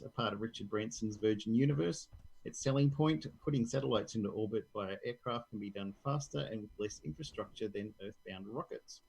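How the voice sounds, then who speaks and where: A man's voice: medium pitch, vocal fry, a little mellow, breathy edge, rough recording. An Australian man co-hosting a tech news podcast, reading news articles aloud and joking about them in casual chat. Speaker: podcast co-host.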